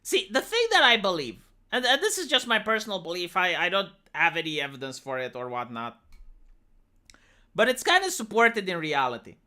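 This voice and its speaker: A woman's voice: on the low side, sing-song, moderate pace, bright, forceful tone. A woman from Romania, ranting on a casual livestream, swearing often and restarting her sentences. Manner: profane, exasperated, many restarts and fillers.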